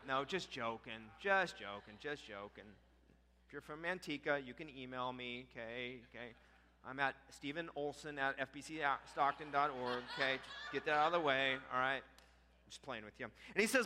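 A man preaching a sermon, telling a story with animated acted-out quotes. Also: high-pitched. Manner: animated, acts out quotes with rising voice. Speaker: pastor. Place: church sanctuary. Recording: church hall reverb.

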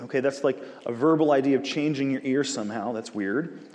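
A man leads a Bible study, praying and then teaching with casual, animated asides. His voice sits at a middle pitch. It rings out with a long reverb, as in a big hall. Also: a little fast, few pauses. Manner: conversational, animated, jokey asides.

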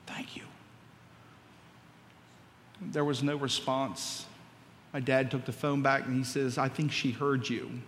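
Male pastor, sermon, storytelling, bright forceful voice, long reverb of a big hall. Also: mid-range voice, little pitch movement, measured pace, slight background noise. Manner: storytelling, acts out dialogue, builds to emphatic preaching.

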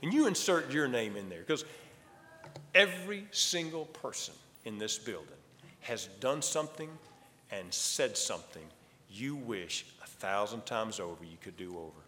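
A man preaching a sermon as a pastor, emphatic and dramatic, swinging between loud declarations and hushed lines. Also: on the low side, expressive, unhurried, slight background noise. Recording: long hall reverb.

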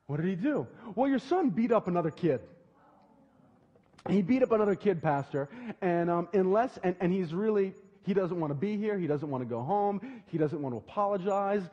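Man preaching, animated storyteller, warm dark voice, husky edge, long hall echo, dull lo-fi sound. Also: high voice. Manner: animated storytelling, acting out dialogue in lively voices. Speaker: pastor. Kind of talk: sermon.

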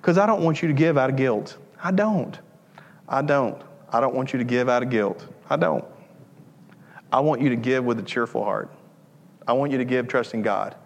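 A man's voice: mid-range voice, in a large hall. A male pastor preaching a sermon with earnest, repetitive emphasis and joking asides. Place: church sanctuary.

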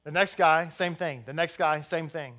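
A man's voice: fairly high pitch, normal speed, fairly bright tone. A man preaching a sermon as rabbi, blunt and rousing, with jokey asides to the congregation.

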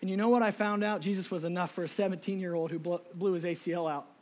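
A middle-aged man preaching a sermon emotionally, moving from soft, near-tearful passages to shouted appeals. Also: high voice, steady tone, fast talker. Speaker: lay preacher.

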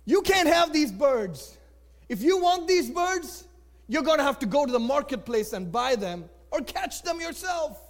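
A spiteful little boy voiced by a man sneers and gloats over his captured birds, dipping his voice low and quiet. He talks slowly, savoring every cruel word, like a storybook bully. The man keeps his own unusually high register underneath. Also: very animated, long reverb tail, exaggerated voice. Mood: scheming.

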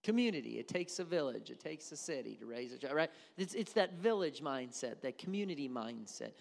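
A man's voice: mid-range voice, animated, a little fast, gravelly. A man from Wisconsin preaching a sermon as a pastor, emphatic and repeating key words for effect. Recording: long hall reverb.

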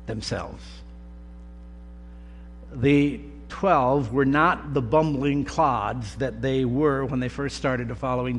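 A man preaching a sermon, with slow, deliberate delivery and emphatic pauses. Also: medium pitch. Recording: long reverb of a large hall, faint hum.

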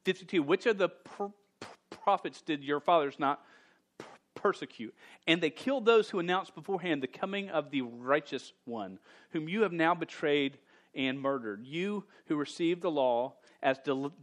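A male pastor preaching a sermon to his congregation, often stammering and repeating words, with animated emphasis. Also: fairly high pitch, moderate pace.

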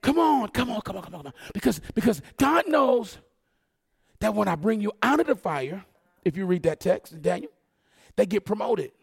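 A man preaching a fervent sermon, calling out to the congregation and rising into shouts. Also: high-pitched, very animated, normal speed, creaky, breathy edge.

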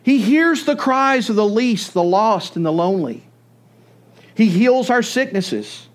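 A man preaching a sermon, telling the story with animated storytelling. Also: high voice, a little slow. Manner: animated storytelling, acts out voices. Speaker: pastor.

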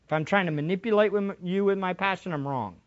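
Man, pastor, middle-aged, preaching with fervor, slightly high voice, dull lo-fi recording. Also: fast talker. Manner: passionate, swings from quiet asides to shouting. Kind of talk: sermon.

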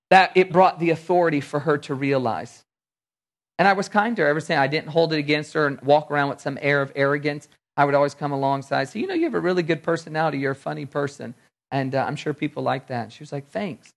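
A man preaching a sermon in a fairly high voice. He tells stories conversationally and voices the people in them as he goes. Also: steady tone, fast, gravelly. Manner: storytelling, conversational preaching with acted-out dialogue. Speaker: pastor.

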